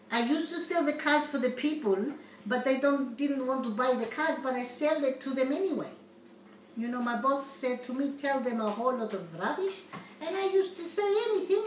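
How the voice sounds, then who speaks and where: A woman's voice: high voice, moderate pace. A woman playing a flustered migrant woman in an immigration interview, talking in broken English full of mix-ups. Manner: broken English, malapropisms, excitable, giggly. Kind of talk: comedy sketch. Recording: roomy echo, distant mic, faint noise.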